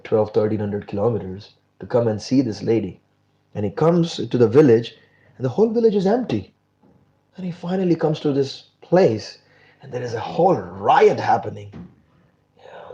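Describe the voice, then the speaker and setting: A man giving a religious class, telling a devotional story in an animated way and sprinkling his talk with fillers. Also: mid-range voice, dull audio. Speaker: spiritual class speaker.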